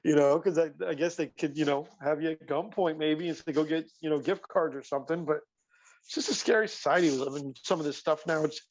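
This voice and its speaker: A man's voice: a little high, a little fast, lo-fi sound. A man co-hosting a podcast, telling rambling stories in casual chat, full of fillers and restarts. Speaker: podcast co-host.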